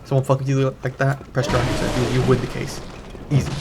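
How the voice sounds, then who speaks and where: A man's voice: medium pitch, monotone, normal speed. A young man hosting a gaming channel, telling a long, profane, rambling story in casual commentary while he plays at home. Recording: noisy background.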